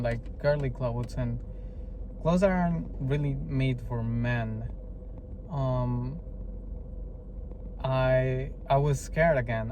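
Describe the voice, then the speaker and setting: Slow, hesitant man telling a personal story. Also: medium pitch, darkish tone. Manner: hesitant, heartfelt, many fillers and restarts. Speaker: vlogger. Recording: noisy background with traffic.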